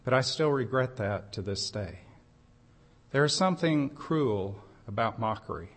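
A man's voice: medium pitch, lively intonation, measured pace. A man preaching a sermon, telling a personal story in an earnest way, with emphatic rises on key phrases. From United States.

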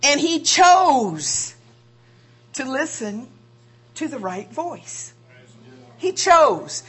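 A woman's voice: sits high, sing-song, very slow. A woman preaching a sermon, asking rhetorical questions and drawing out key phrases for emphasis.

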